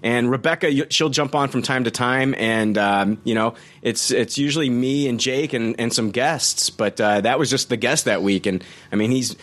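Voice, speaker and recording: A man hosting a casual chat, easygoing and halting with fillers. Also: medium pitch, a bit bright.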